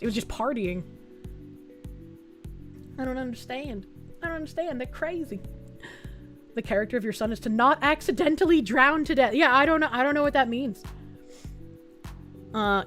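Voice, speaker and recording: A woman's voice: fairly high pitch, a bit bright. A young adult woman streaming, chatting loosely through casual reaction commentary, swearing freely and reading chat messages aloud.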